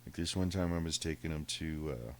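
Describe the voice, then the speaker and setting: A man's voice: extremely low pitch, a little fast, a little hiss or hum. A man on a podcast telling a rambling, profane story in a casual way, full of swearing. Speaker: podcast host.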